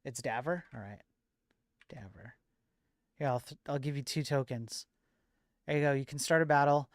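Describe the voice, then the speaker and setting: A man's voice: mid-range voice, moderate pace, no echo, clean studio sound. A man hosting his livestream in a loose, rambling way, with lots of fillers and restarts. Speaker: livestream host and moderator. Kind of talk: casual stream chat.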